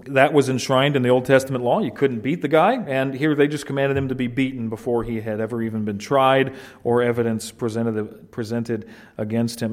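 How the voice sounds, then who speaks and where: A pastor with a mid-range, slightly mellow voice preaches an expository sermon. His teaching is earnest and emphatic, often restarting phrases and building with rising stress.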